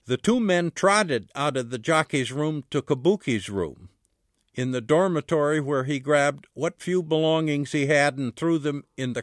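A man, the author, reading a chapter of his book aloud in a measured way, his voice dropping low on the dialogue tags. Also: no room sound, clean studio sound.

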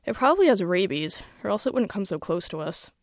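A woman's voice: mid-range voice, sing-song, fast talker, no room sound, studio quality. A woman reading the lines of an unfazed farm-raised teenage girl, speaking in a bored, offhand way.

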